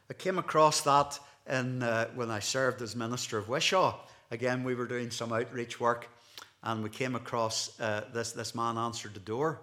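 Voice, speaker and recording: A middle-aged Scottish man preaching a sermon as a minister, telling anecdotes in an animated way and acting out the voices of the people in them. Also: mid-range voice, moderate pace.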